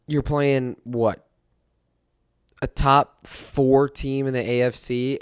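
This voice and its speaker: A young man talks sports in a loose, rambling monologue, rueful and quick to laugh at his own bad luck. His voice is smooth and clear, mid-pitched, and sits in a dry space with no room echo. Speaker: podcast host. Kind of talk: casual sports talk monologue.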